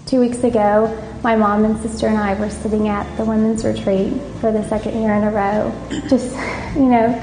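A woman giving an emotional personal testimony in church, slow and with fillers. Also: on the high side, background noise. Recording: echoey hall with music underneath.

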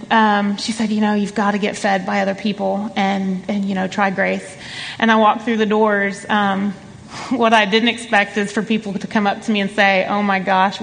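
A woman giving a personal testimony in church, earnest and halting, with many fillers. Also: mid-range voice. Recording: long reverb of a church hall.

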